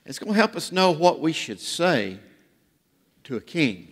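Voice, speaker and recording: Guy preaching, folksy jokey storytelling, kinda gravelly, big church reverb. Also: fairly high pitch, sing-song, a little slow, fairly bright tone. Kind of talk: sermon. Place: church sanctuary.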